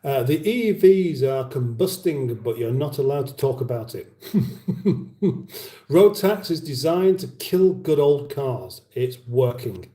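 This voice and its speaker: A man's voice: medium pitch, lively intonation, slow pace, mellow, echoey room. A man hosting a casual livestream, rambling chattily and reading out viewer comments. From United Kingdom. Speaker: livestream host.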